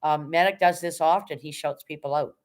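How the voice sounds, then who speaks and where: A woman hosting a casual livestream, reading chat and cheering viewers on in a hyped, rapid auctioneer-like patter, swearing now and then. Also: sits low, fairly even intonation. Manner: chatty, encouraging, swears casually. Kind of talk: casual live-stream chat.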